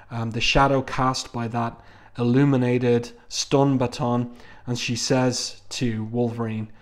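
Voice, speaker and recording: Male comic reviewer, mid-pitched, calm and deliberate, close reading of the artwork. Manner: measured, thoughtful, frequent "um" fillers.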